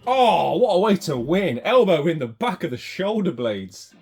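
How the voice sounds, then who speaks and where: A man giving excitable running commentary while playing a retro fighting game, swinging between mutters and shouts. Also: sits high, moderate pace, breathy edge. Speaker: retro gaming channel host.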